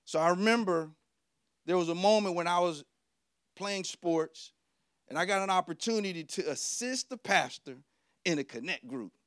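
A male preacher with a fairly high voice delivers a lively sermon, telling stories and repeating his key lines. He keeps questioning the congregation. The sound is close and dry, with no room echo. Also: moderate pace, smooth.

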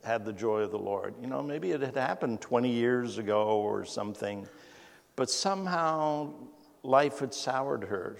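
A man's voice: mid-range voice, gravelly. A man preaching a conversational sermon as pastor, folksy and storytelling, often amused at his own anecdotes. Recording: long hall reverb.

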